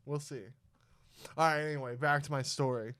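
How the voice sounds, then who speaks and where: A young man spins a story on his podcast in a casual, swearing, animated way, acting out the people he quotes. His voice sits a little high for a man and sounds smooth and clear. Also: normal speed. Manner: profane, animated storyteller who acts out quotes. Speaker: podcast host.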